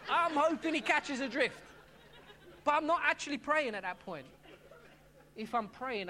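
A man's voice: extremely high pitch, moderate pace, long pauses, sharp tone. A middle-aged man preaching a sermon as pastor, talking in a conversational way and often restarting his phrases.

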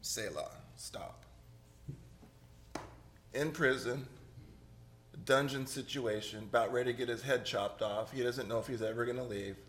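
A middle-aged man preaching a sermon through a stage microphone, his pitch sitting right in the middle of the male range. He talks casually, repeats words as he goes, and drops joking asides. A faint room noise sits under the voice. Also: unhurried, pauses often, fairly bright tone. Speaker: pastor. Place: church sanctuary.

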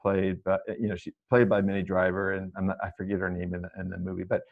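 Male interviewer, halting and rambling delivery, dull lo-fi recording. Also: low voice, flat delivery. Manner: hesitant, rambling with fillers and restarts. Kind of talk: conversational interview. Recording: slightly dull, lo-fi audio.

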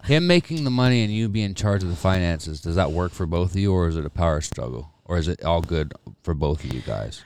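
A man's voice: low-pitched, lively intonation, fairly quick, hardly any pauses, darkish tone, a little hiss or hum. A man co-hosting a casual podcast chat, asking questions and swearing freely. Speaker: podcast co-host.

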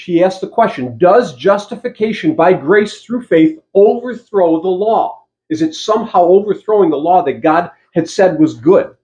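A man preaching a sermon as pastor, emphatic, slowing down to stress key phrases and putting rhetorical questions to the congregation. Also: a little high, darkish tone.

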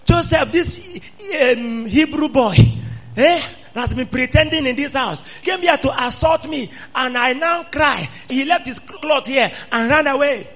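A man preacher voicing a scheming, seductive married woman who coaxes and pleads, then cries out in shrill accusation. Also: unhurried, a bit bright. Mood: accusing.

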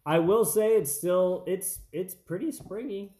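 A man's voice: high-pitched, unhurried, mellow. A man hosting a family baking taste test in a home kitchen, chatting casually with lots of fillers and restarts.

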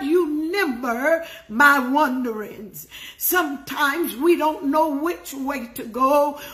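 A woman's voice: high-pitched, sharp tone. A woman preaching a fervent devotional sermon, drawing out key words and speaking to listeners by name, her voice catching with emotion at times.

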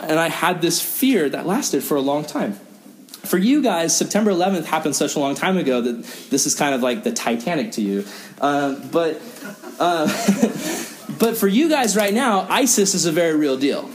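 Young male youth pastor, earnest and animated, slightly high voice. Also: a little hiss or hum. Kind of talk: sermon to teenagers.

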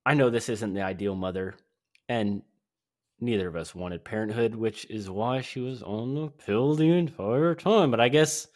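A man's voice: fairly low pitch, slow, dry recording, clean studio sound. A man voicing a regretful young man reading his letter home in a stilted, overly formal way, using a mock British surfer accent.

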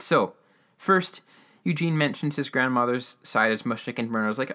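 A man's voice: medium pitch, moderate pace, sharp tone. A man with an ordinary mid-range voice recaps an episode in a loose, rambling way. He fills gaps with "um" and "like" and breaks into keen asides about what he loves. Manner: rambling, enthusiastic, filler-heavy. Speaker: radio-drama episode reviewer. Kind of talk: casual recap.

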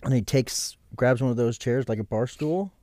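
A man's voice: medium pitch, moderate pace, darkish tone, no room sound. A man in his thirties sits as a guest on a casual podcast, telling a long story. He swears often and acts out the lines of everyone involved. He is heard on a close, dry mic with no room sound.

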